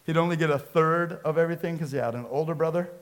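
Pastor guy telling stories in a sermon, animated, acts out voices. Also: a little high, quick pace. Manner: storytelling, animated, acts out quotes.

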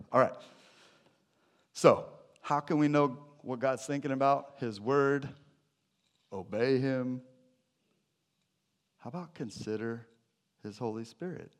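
A man preaching a sermon to his church, animated and jokey, with sudden loud bursts. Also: on the low side, creaky. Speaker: pastor.

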